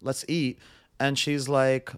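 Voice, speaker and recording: A man's voice: mid-range voice, level tone, takes it slowly, clear, resonant tone. Rambling young man telling a story. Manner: rambling, acts out dialogue with "I'm like" and "like" fillers. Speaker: podcast guest. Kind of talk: casual storytelling.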